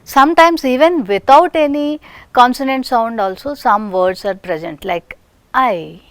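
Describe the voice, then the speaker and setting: In this dry recording with no room sound, an Indian woman with an Indian English accent and a voice on the high side delivers a phonetics lecture. She works through sound demonstrations slowly and deliberately, at times in a whisper.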